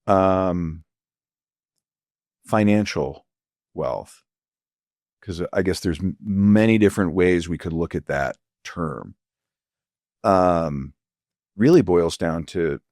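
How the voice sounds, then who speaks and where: Low, earnest man reflecting slowly. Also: darkish tone, no echo, clean studio sound. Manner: halting, searching for words, many fillers; earnest and emotional. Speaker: physician guest. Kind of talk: reflective interview conversation.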